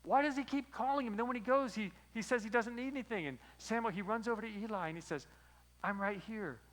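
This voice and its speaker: Bright-voiced man preaching a sermon. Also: extremely high pitch, fast talker, low-quality recording. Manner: storytelling, animated retelling. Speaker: pastor.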